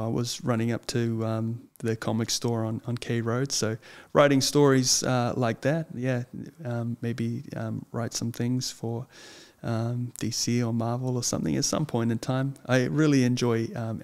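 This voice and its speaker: A young man, a guest chatting casually in an interview, earnest and hesitant, often pausing with ums. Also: mid-range voice, flat delivery, darkish tone. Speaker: guest, lawyer and wrestler.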